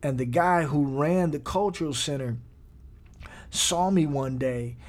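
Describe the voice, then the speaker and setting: Man preaching a podcast sermon, fairly high voice, emphatic, repeats phrases, chuckles. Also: a little slow. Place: seated indoors.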